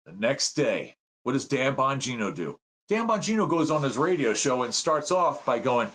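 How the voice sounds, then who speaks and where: A man in his fifties from the United States, a guest telling stories in a casual interview, excitable and acting out the voices he quotes. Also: mid-range voice, moderate pace. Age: 50s. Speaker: podcast guest, veteran and citizen journalist.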